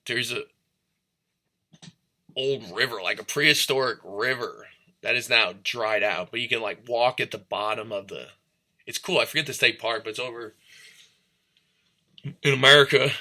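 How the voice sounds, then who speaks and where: A man's voice: medium pitch, moderate pace, long pauses, sharp tone. A man from St. Louis talking in a rambling, profane, stream-of-consciousness monologue that drifts between topics and into freestyle rhymes. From St. Louis, Missouri.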